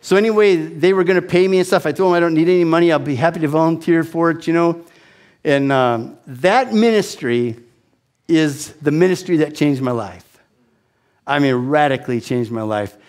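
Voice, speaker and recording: A man in his sixties telling a personal testimony as an animated, self-deprecating storyteller with frequent restarts. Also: on the high side, moderate pace. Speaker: speaker giving a testimony.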